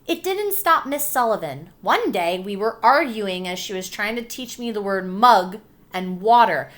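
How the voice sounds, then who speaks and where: A woman teacher reading a picture book aloud to children, gently pausing to ask questions and spelling letters out slowly. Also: mid-range voice, animated.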